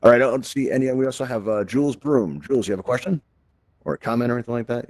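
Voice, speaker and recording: A man's voice: mid-range voice, expressive, very fast, darkish tone, dry recording. A man hosting a live virtual-reality tutorial, explaining steps in an upbeat, jokey way. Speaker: host and instructor.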